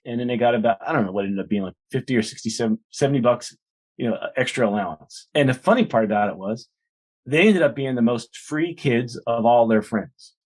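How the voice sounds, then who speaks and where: This guest is a man in his forties who works as a minister and author, with a medium-pitched, slightly mellow voice. Relaxed and conversational in the interview, he keeps restarting his stories and sprinkling in "you know."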